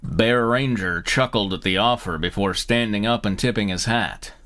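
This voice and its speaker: A man hosting and reading comedic fanfiction aloud, animated and laughing as he goes. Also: on the low side, moderate pace. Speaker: host and narrator.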